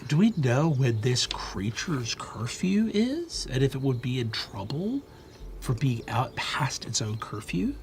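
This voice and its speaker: A man playing a tabletop game in character, animated, laughing and bursting into shouts. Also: medium pitch, a little slow, slight background noise. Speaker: player.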